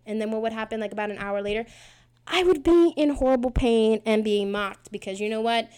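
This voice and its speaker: A woman's voice: fairly high pitch, quick pace, a little mellow, clean tone. A woman in her twenties hosting her own podcast, talking in a rambling, self-mocking way with lots of fillers. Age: 20s. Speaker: podcast host. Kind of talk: casual prayer podcast chat.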